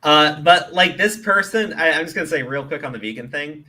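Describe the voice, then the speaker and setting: Profane, animated man ranting on a commentary show. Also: on the high side, a little fast. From Middle East. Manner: profane, animated, laughs often, stammers on restarts. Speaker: commentary host. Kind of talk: casual commentary chat.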